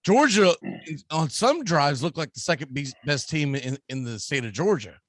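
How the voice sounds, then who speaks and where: A man's voice: on the high side, lively intonation, normal speed, no echo. A man with a Southern US accent, hosting a sports radio show and ranting emphatically about football. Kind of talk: casual sports talk.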